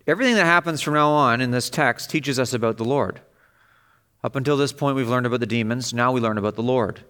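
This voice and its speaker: A man preaching an expository sermon in an emphatic way, his voice rising as he stresses vivid passages. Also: fairly bright tone. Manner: emphatic, rises in pitch and volume on vivid passages.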